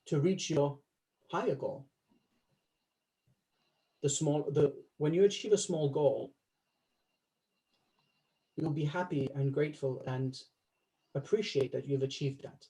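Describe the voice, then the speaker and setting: A male life coach giving a coaching talk to a small group, instructive, slowing down to stress key words and laughing easily. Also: fairly high pitch, dark tone, rough recording.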